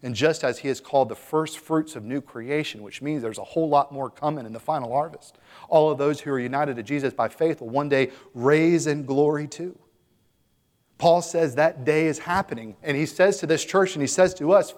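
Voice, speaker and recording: Male pastor delivering a sermon, earnest and emphatic, slightly high voice, long hall echo. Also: animated, normal speed. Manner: earnest, emphatic, building to exhortation.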